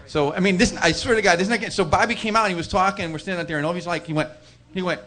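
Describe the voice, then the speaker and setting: A man's voice: sits high, rapid-fire, bright, forceful tone. A man, a band member guest, telling an anecdote with laughter and acted-out voices. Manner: laughs while telling stories, acts out voices. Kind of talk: animated storytelling.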